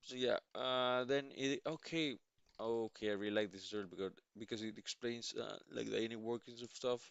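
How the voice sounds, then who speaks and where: A man live-streaming his coding, reading documentation aloud and musing with halting restarts; he sounds sleepy. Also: medium pitch, creaky, fairly bright tone, clear, resonant tone, no room sound, highs cut off. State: sleepy, yawning. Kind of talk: thinking aloud while reading docs.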